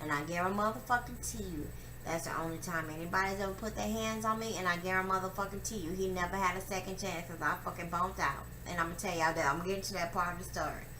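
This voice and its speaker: A young woman telling a personal story to camera, profane and emphatic, acting out her quotes loudly. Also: on the low side, fast. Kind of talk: candid storytelling monologue. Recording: echoey room with faint ambient noise.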